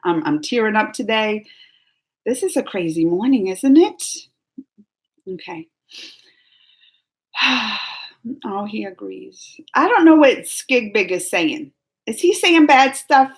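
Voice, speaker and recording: A woman hosting a casual live stream, chatting and giggling as she reads viewer comments aloud. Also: fairly high pitch. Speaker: YouTube reaction host.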